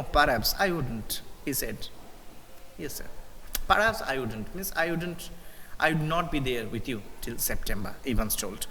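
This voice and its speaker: A high, bright male voice with an Indian English accent, teaching a live English literature lesson. He reads a passage and then goes over it again in simpler words, with frequent "uh" and "you know." The sound has a long reverb and faint noise behind it. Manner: reads a passage, then explains it with fillers and repeats.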